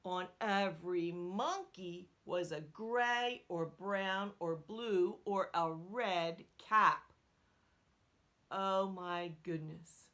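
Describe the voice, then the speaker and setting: A woman's voice: on the low side, drawn-out words, a bit bright. A woman reading a picture book aloud to children. She asks her listeners questions and drops into whispered asides.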